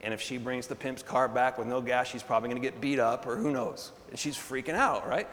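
A man's voice: medium pitch, a little fast, slight background noise. Man preaching in a reverberant hall. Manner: animated storytelling with call-and-response; laughs often between phrases. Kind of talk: sermon. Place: church hall.

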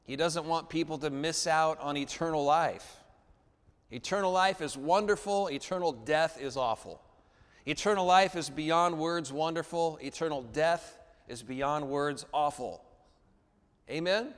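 A man's voice: fairly high pitch, unhurried. A male pastor preaching a sermon, drawing the congregation in with "amen?" and call-and-response prompts. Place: church building. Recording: long reverb of a church hall.

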